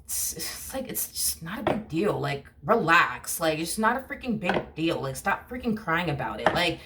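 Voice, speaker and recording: A woman voicing a dismissive, careless ex-partner who brushes off the hurt they caused, in a flat, scoffing way. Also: low-pitched, normal speed, very noisy.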